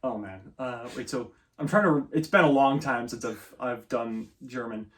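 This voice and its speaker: A man's voice: medium pitch, moderate pace. A young man answering interview questions casually, with many fillers, restarts and easy laughs. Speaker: guest, student performer.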